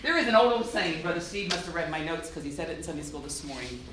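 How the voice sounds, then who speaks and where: A woman's voice: low voice, fast talker, few pauses, slight background noise. A woman giving a church youth-group talk, acting out little voices as she goes. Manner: animated, acts out little voices. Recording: echoey room.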